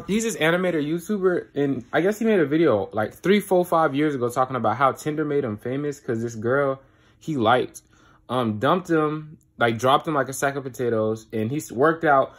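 A young adult man talking casually to camera in a room at home. He uses loose slang and keeps checking in with "you get what I'm saying.". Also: medium pitch. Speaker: vlogger. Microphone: handheld phone camera.

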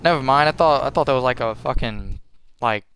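A young man with a mid-range voice talks fairly quickly while playing a video game, giving his viewers casual, profane, joking commentary as a gaming video host. Game music plays loudly behind his voice, with slight background noise.

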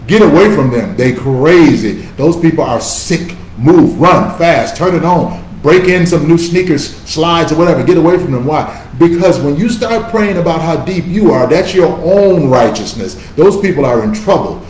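A man's voice: a little high, expressive, moderate pace, darkish tone, roomy sound, slight background noise, poor audio. A male pastor preaching a sermon in an emphatic, conversational style, calling on listeners to repeat after him.

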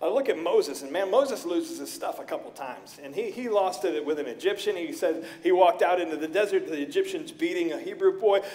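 A middle-aged man preaching a sermon as pastor, telling stories with lively voices for the people he quotes. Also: high-pitched, brisk, few pauses. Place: church sanctuary.

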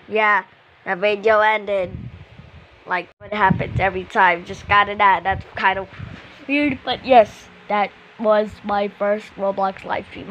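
A woman giving casual commentary on her own gameplay, exclaiming excitedly at whatever happens on screen. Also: medium pitch, highs cut off, slight background noise. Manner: excitable, exclaiming at the game as she plays. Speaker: gamer streaming her own play.

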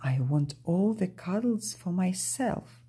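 A woman's voice: lowish voice, expressive, slow pace, warm tone, husky, full character voice. A woman reading aloud, voicing a gang of greedy, defiant little male goblins from a storybook who talk in a whiny, boastful way.

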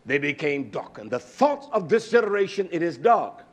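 A male preacher delivering a fiery sermon, swinging between low drawn-out phrases and shouted lines. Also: very animated. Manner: chants and sings repeated words.

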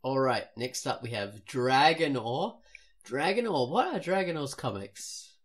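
A woman's voice: a bass voice, expressive, unhurried, slightly rough. A woman co-hosting a casual podcast, rambling with self-mocking asides. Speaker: podcast co-host.

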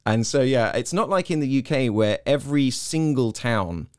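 A man's voice: medium pitch, normal speed, no echo, clean studio sound. A middle-aged man with an English accent, chatting animatedly as an interview guest and telling stories. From Hong Kong. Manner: animated storyteller, slips into quoted voices. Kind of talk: casual interview chat.

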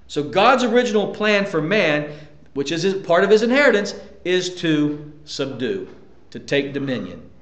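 A man's voice: a little high, sing-song, moderate pace, echoey room. A male pastor preaching a sermon with emphasis, asking the congregation rhetorical questions.

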